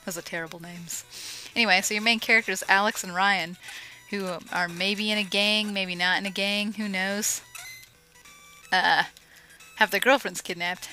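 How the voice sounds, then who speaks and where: A woman giving casual, joking commentary over a retro game she is playing, with sarcastic asides and excited yelps. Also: mid-range voice, moderate pace, pauses often, faint music behind, low-quality recording. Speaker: let's play commentator. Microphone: home microphone.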